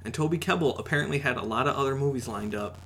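A man co-hosting a podcast in casual chat, excitable and rambling with lots of fillers. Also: mid-range voice, racing. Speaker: podcast co-host.

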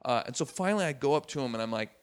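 A man's voice: mid-range voice, racing. A man, a stand-up comedian, telling a story in casual chat and acting out the voices of the people in it. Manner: animated, acts out voices in quotes.

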